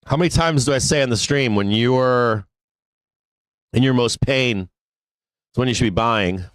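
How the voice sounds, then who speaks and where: A man's voice: mid-range voice, a little slow, clean tone, no room sound. A man hosting a live stock trading show, chatting casually, rambling and swearing freely, often breaking into laughter. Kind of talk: casual live-stream talk.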